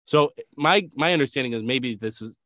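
A man's voice: medium pitch, animated, moderate pace, sharp tone. A man co-hosting a podcast who reads listener questions aloud and laughs easily. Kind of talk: casual podcast chat.

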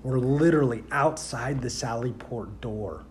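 A man who works as a deputy, telling a story in a casual, rambling way with many fillers and growing loud and animated as he goes. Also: medium pitch, unhurried, slight background noise. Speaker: sheriff's deputy.

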